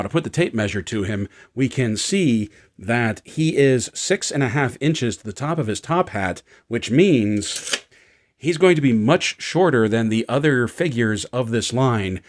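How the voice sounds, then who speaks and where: Man, toy reviewer, casual vlog, low voice, chatty, addresses viewers. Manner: chatty, easygoing, talks straight to viewers.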